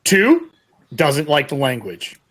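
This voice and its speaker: Guy gm with a pretty high voice, describes the scene, calls rulings flat out. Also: slow pace. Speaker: game master. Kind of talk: running a tabletop game.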